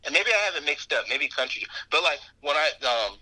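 A man talks casually as a guest, wandering through his thoughts with plenty of fillers and restarts. His voice is very bright and cutting. A faint hiss sits under the recording. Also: fairly high pitch, animated, fairly quick, low-quality recording. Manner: rambling, with many fillers and restarts. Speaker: podcast guest. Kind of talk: casual conversation.

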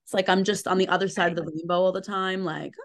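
A woman's voice: on the low side, fast. Chatty, self-deprecating woman telling stories. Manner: animated storyteller, self-deprecating, frequent fillers. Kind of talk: casual chat.

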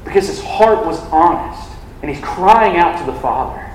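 A man's voice: fairly high pitch, animated, moderate pace, slight background noise. Young man preaching in an echoey hall. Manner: conversational, frequent "like" fillers. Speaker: campus ministry preacher. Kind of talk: sermon.

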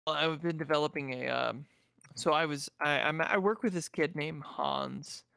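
A man's voice: a little high, normal speed, vocal fry, pushed and bright, clean tone, no room sound, clean studio sound. A man in casual chat, laid-back and profane, with lots of fillers. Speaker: friend in conversation.

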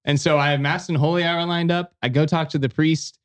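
A man, a podcast guest, telling a story in a casual, lively way and often acting out other people's lines. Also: on the high side, a little fast. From United States.

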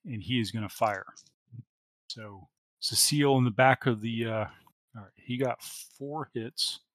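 As a tabletop RPG game master, this man narrates the action and works through rules on the fly, often using fillers and starting over. His voice is mid-range and fairly bright, a little slow, with no room sound.

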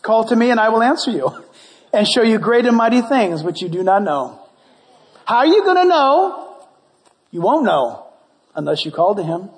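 A pastor preaching a sermon, playful and animated, acting out prayers and little dialogues. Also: male voice, sits high, moderate pace, pauses often. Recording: long hall reverb.

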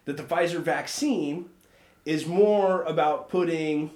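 An emphatic American man arguing his point in casual chat, often repeating himself and stumbling over words. His voice is fairly high for a man and rings in an echoey room. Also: slow pace, a little mellow.

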